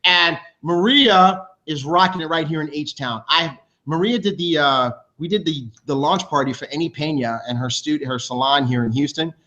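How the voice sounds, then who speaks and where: The clip has a dull lo-fi quality as a man fronts a team video show, handing out awards. He's energetic and hyped, speaking fast and frequently restarting what he's saying.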